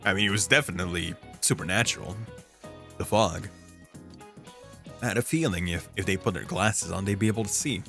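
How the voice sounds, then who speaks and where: A man streaming a game, talking casually in an animated, rambling way with restarts. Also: sits low, fairly quick, long pauses, faint music behind. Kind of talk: casual gameplay commentary.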